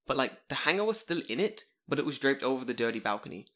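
A young man telling a long story in a casual chat, animated and full of swearing. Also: medium pitch, fast talker.

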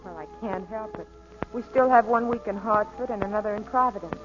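A woman's voice: medium pitch, brisk, over music, close to an everyday voice. An actress playing a young woman dancer, torn and pleading, in 1940s radio acting style. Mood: wistful. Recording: muffled old radio recording.

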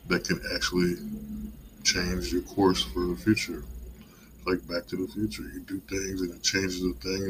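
Host, male, very low and monotone voice, loose rambling pep talk with some swearing, faint crickets behind. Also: a little hiss or hum, low-quality recording. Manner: casual, digressive, mildly profane. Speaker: podcast host. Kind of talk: rambling motivational monologue.

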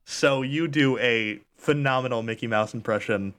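A man's voice: mid-range voice, normal speed, a bit bright, clear, resonant tone. A man hosting a podcast in an easygoing, casual way, laughing often. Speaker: podcast host.

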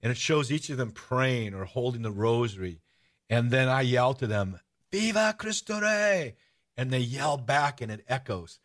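A man hosting a casual podcast chat. He tells stories with eager energy, circling back and restarting his sentences. His voice sits at an everyday mid pitch. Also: normal speed. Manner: enthusiastic storytelling, rambling with restarts. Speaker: host.

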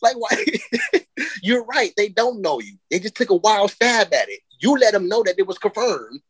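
A woman co-hosting a casual podcast, telling stories loosely with frequent laughter and drawn-out emphasis on key words. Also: medium pitch, sing-song, background noise. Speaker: podcast co-host.

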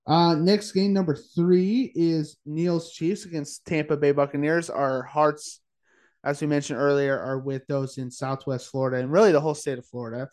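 A man's voice: fairly high pitch, steady tone, a little mellow. A tired man co-hosting a casual sports-betting chat late at night, full of "like" and "uh" as he rattles off his picks. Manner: chatty, says "like" and "uh" often, fires off quick picks. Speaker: podcast co-host.

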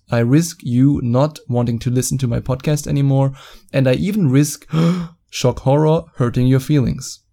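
A man's voice: medium pitch, warm tone. A man with a German accent hosting a solo podcast, talking bluntly and mockingly, with frequent swearing. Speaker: podcast host. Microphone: studio microphone.

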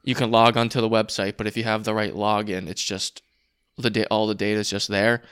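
Casting: young guy, smooth clear voice, animated podcast co-host. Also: fairly low pitch. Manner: talks in fast restarts, emphatic on alarming points. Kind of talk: casual chat.

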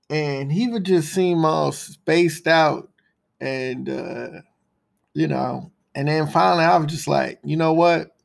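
A man's voice: fairly high pitch, gravelly. A man hosting a recurring segment, speaking in a casual motivational monologue. He repeats phrases for punch and talks in laid-back slang, often saying "man.". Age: adult with a son.

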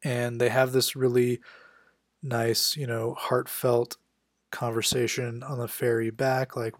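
A man giving a casual spoken recap of a comic book issue, quickly voicing the characters' lines as he goes. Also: medium pitch, level tone, no room sound, clean studio sound. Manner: conversational, acts out characters' lines with quick quotes.

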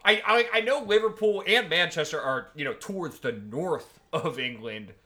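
A man's voice: fairly high pitch, animated, normal speed, sharp tone. A man co-hosting a casual football podcast, swearing casually, laughing often and losing his train of thought. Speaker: podcast co-host.

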